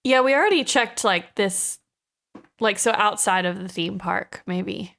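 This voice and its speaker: A woman at a tabletop game who speaks slowly and without hurry. She giggles often and hedges her words as she chats with the group. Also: medium pitch, vocal fry, fairly bright tone. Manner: giggly, hesitant. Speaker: player. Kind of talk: casual tabletop game chat.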